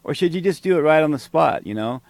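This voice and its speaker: A man's voice: on the high side, animated, quick pace, gravelly, darkish tone, no echo. Fired-up profane man ranting. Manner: heated, profane, sarcastic. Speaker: podcast host. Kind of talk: ranting commentary on a played talk.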